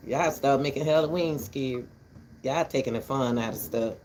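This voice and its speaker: A woman's voice: a bass voice, moderate pace, a little mellow, a little hiss or hum. An older woman ranting casually to her viewers from her back porch, blunt and rambling, breaking into laughter often. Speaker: vlogger.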